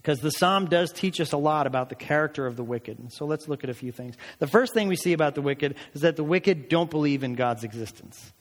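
Preaching man in a reverberant hall. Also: a little high. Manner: reads scripture aloud with deliberate emphasis, then explains it plainly. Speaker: pastor. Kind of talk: sermon. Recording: long reverb of a large hall.

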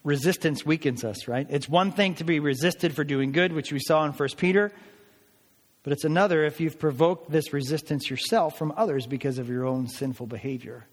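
A man's voice: medium pitch, moderate pace, in a large hall. A man preaching a sermon, earnest and building to emphatic declarations as he explains scripture. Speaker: pastor.

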